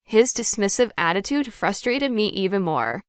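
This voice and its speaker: A woman reading a first-person story aloud as narrator, in a plain, steady way. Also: medium pitch, moderate pace, clear, resonant tone, no room sound.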